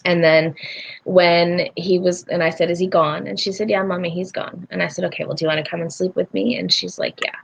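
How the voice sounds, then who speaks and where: A woman's voice: lowish voice, a little fast, vocal fry, slightly rough. A woman in her forties, a spiritual healer and interview guest, telling a personal story and acting out the voices in it. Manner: animated, acts out voices in her stories. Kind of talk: casual storytelling.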